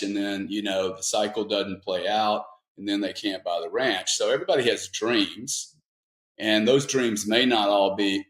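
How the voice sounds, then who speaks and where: A man's voice: on the low side, normal speed, echoey room. A man speaking as a guest panelist, rambling and emphatic in an opinionated discussion.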